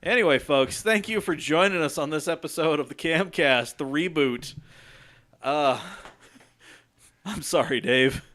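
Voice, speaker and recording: A man's voice: a little high, unhurried, fairly bright tone. A man hosting a podcast in casual chat with friends, laughing often and swearing freely. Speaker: podcast host. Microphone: studio microphone.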